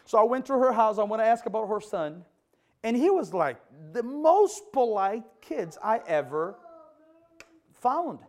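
Male preacher with a high voice, animated story-led sermon with frequent restarts. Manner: animated storyteller acting out dialogue; halting, restarts mid-sentence. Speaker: pastor.

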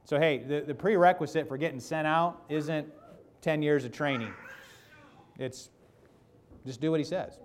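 A man's voice: on the high side, measured pace, long pauses. Casual joking male preacher. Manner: casual and joking, asks the congregation questions, acts out quotes. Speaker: pastor. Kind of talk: conversational sermon.

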